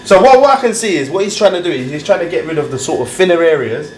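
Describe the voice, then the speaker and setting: Slangy host in an echoey kitchen. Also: male voice, fairly high pitch, animated, fast talker, far from the mic, slight background noise. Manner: laid-back London slang, says "bro" a lot. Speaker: host of a cooking challenge. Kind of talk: casual chat. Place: kitchen of a fish and chip shop.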